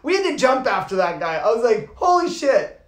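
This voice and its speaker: A man, a yoga teacher, giving an informal talk and telling a lively story, swearing casually and acting out the people in it. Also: sits high, fast. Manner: animated, swears casually, acts out voices. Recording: roomy echo.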